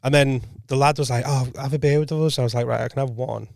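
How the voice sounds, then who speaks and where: A man tells a long story on a podcast in a loose, chatty way, correcting himself as he goes and dropping his voice low for quoted lines. His voice sits at an ordinary pitch. The studio mic is close and dry, with no room sound. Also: steady tone, fast, creaky, a little mellow, no room sound. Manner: rambling anecdote, frequent self-corrections and quoted dialogue. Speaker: podcast co-host and comedian. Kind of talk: casual storytelling chat.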